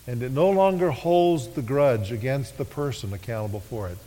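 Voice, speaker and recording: A man preaching a sermon, leading his congregation in call-and-response and slowing to a hush on key phrases. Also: mid-range voice. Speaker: pastor. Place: church sanctuary. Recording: echoey worship hall.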